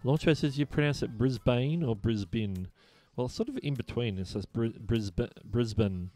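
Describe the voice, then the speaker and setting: A man's voice: medium pitch, sing-song, moderate pace, warm tone, soft background music. A man with an Australian accent hosting a casual live-stream trivia show, chatting and reading viewer messages aloud. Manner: chatty, reads chat messages aloud, chuckles often. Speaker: livestream host.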